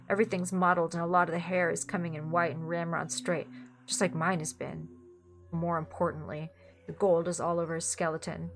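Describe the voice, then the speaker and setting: A woman reading a dark comic story aloud in a wry, deadpan manner. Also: lowish voice. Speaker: story reader.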